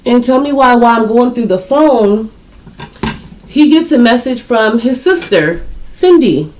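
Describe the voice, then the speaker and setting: A woman's voice: fairly high pitch, expressive, measured pace, darkish tone, a little hiss or hum. Blunt, slangy woman telling a story. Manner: blunt, profane, addresses viewers directly; slangy, repeats words for emphasis. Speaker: storytime vlogger. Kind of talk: casual storytelling to viewers.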